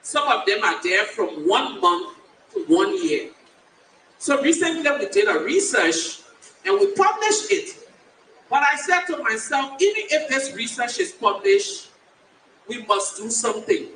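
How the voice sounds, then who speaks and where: A woman in her fifties gives a personal testimony as a keynote speaker, her high, bright voice swinging widely in pitch as she speaks slowly and emphatically, using dramatic pauses. A distant stage mic captures her in a large, echoing conference hall, with a little hiss or hum.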